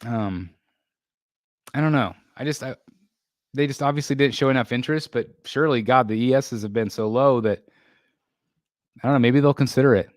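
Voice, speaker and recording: A man's voice: mid-range voice, normal speed, pauses often, dry recording, studio quality. A man hosting a casual live stream, chatting loosely with viewers and reading their comments, rambling with lots of fillers and restarts. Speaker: livestream host.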